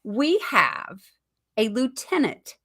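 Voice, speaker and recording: A woman's voice: a little high, very animated, slow pace, a bit bright. A woman hosting an online comedy talk show, joking playfully and teasing herself and her guest. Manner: playful, teasing, self-mocking. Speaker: host. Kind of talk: casual comedy banter.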